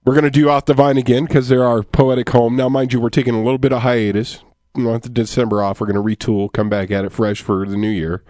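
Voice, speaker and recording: A man's voice: medium pitch, flat delivery, fast, mellow, dry recording. A man hosting a poetry radio show, bantering loosely and laughing often with his co-hosts.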